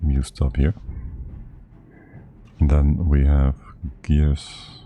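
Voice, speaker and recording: Male streamer, very deep and dark, unhurried casual thinking-aloud gameplay chatter, a little winded. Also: monotone, soft background music. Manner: muttering to himself, thinking aloud. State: slightly out of breath. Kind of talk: casual live-stream commentary while playing.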